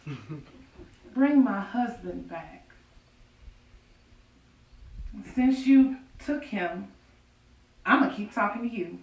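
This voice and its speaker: A woman playing a grieving enslaved widow, slow and wry. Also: high voice. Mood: pleading. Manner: folksy, confiding, breaks into rueful laughter. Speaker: stage actor in a historical monologue. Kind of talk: theatrical monologue, prayer to God. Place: outdoor performance on a farm. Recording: distant, echoey outdoor stage recording.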